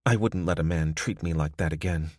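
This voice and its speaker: A man's voice: sits low, fairly quick, no room sound, clean studio sound, lightly acted. A man voicing an earnest, questioning young woman who worries for her companion.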